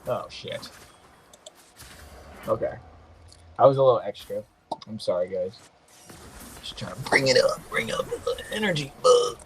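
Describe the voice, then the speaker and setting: A young man commenting on his own mobile game match, excitable and swearing freely, with quick apologetic asides. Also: mid-range voice, a little hiss or hum. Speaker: gaming podcast host. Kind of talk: casual gameplay commentary.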